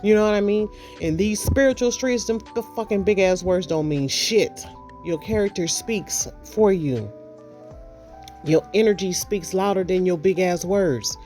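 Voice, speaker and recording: A middle-aged woman holds forth in a blunt, salty, casual monologue. She acts out the people in her stories with loose, animated delivery. Faint music plays underneath her. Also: mid-range voice, unhurried. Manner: blunt, profane, animated storytelling with mocked voices. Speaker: vlogger.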